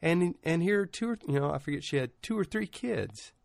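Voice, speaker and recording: A man's voice: fairly high pitch, very animated, brisk, creaky, dry recording. Middle-aged man preaching in a dry voice. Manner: informal, rambling, many "you know" asides. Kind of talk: conversational sermon with storytelling.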